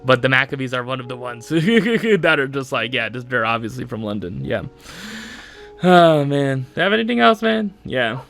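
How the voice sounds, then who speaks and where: Young man, solo podcast host, rambling casual talk, frequent laughter, bright tone. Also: medium pitch, expressive, moderate pace, vocal fry, soft background music. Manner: rambling, laughs often, lots of fillers like "man".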